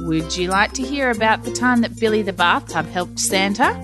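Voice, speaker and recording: A woman narrating a children's story aloud in an animated, playful storyteller manner. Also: mid-range voice, moderate pace. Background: faint music.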